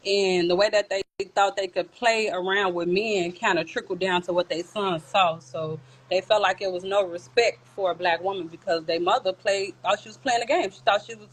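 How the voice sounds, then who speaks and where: A woman's voice: mid-range voice, steady tone, moderate pace, few pauses, poor audio. A woman giving earnest, plain-spoken opinions in a casual chat. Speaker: guest.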